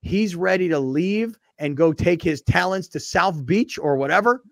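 A man hosting a sports talk show, chatting casually in an animated, mocking way. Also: high voice, normal speed, vocal fry, dry recording. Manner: animated, mocking, shifts into impressions. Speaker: sports radio host.

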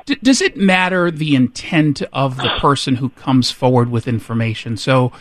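A man's voice: mid-range voice, normal speed, noisy background. A man hosting an interview, plugging a guest's book and asking long conversational questions. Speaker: host.

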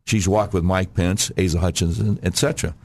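A man guesting on a radio talk show as a candidate, making an emphatic campaign pitch and often clearing his throat. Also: steady tone, brisk, a little mellow.

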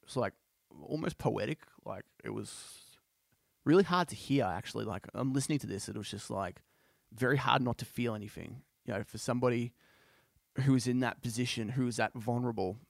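A man's voice: medium pitch, fairly quick, creaky, dry recording, clean studio sound. A man on a podcast casually retelling a story he heard, rambling with lots of fillers. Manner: rambling, many fillers like "you know" and "like". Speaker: podcast host.

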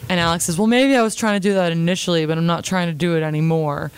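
A woman's voice: on the low side, steady tone, quick pace, smooth, no echo. Chatty young woman recapping a show. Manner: chatty, opinionated, retells scenes with quotes. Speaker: reality TV recap host. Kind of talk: casual episode recap.

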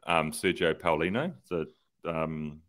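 A former pro cyclist co-hosting a cycling podcast speaks with an extremely low voice at a measured pace. In casual chat, he animatedly retells race tactics and acts out the radio exchanges.

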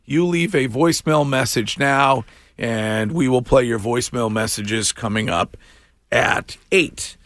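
A man's voice: medium pitch, no echo. Brief: male radio host, dry close mic, upbeat ad reads. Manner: animated, quick to laugh. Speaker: radio morning show host. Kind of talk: radio talk and live ad reads.

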